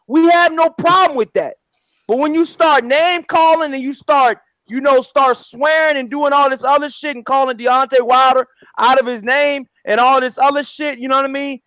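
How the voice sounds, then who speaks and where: A high-voiced man hosts a casual live-stream chat in a laid-back way, leaning on "you know what I mean". His voice is close and dry, with no room sound. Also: a bit bright, dry recording, rough recording. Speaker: host.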